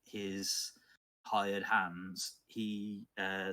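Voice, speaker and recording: A man narrating as game master of a tabletop game, unhurried and pausing often with fillers. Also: low-pitched, steady tone. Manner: unhurried, thoughtful, with many filler pauses.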